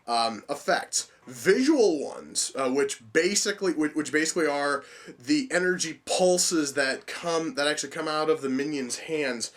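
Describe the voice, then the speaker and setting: A man's voice: on the high side, a bit bright. A young man giving a casual spoken movie review, swearing freely and rambling through frequent restarts. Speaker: film reviewer.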